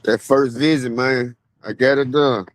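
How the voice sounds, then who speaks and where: A young man telling stories in a relaxed, slang-heavy monologue, speaking outdoors at a graveside. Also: mid-range voice, measured pace. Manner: relaxed, slangy street talk with many fillers. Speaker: vlogger. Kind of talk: casual storytelling monologue.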